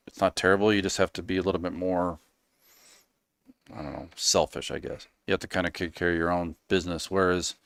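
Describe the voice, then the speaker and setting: A man with a very low, smooth, resonant voice speaks as a podcast guest. He talks in an easygoing, rambling way, full of ums and trailing asides. The sound is close and dry. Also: dry recording. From United States. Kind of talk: casual interview talk.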